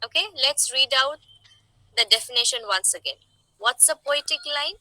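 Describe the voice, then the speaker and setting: A woman teaching poetic meter, explaining slowly and asking rhetorical questions. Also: sits high, sharp tone, no echo, poor audio. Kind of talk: poetry meter lesson.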